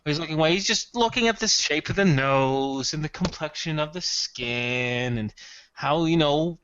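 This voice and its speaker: Player, male, bright and chatty, talks at length; dry, lo-fi mic. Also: on the high side, normal speed, slight background noise. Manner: chatty, explains his character's plans at length. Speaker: tabletop game player. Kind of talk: casual tabletop role-play.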